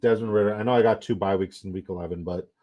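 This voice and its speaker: Young male streamer, lowish voice, casual excitable commentary, salty language. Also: fast talker, lo-fi sound. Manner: excitable, rambling, profane. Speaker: livestream host.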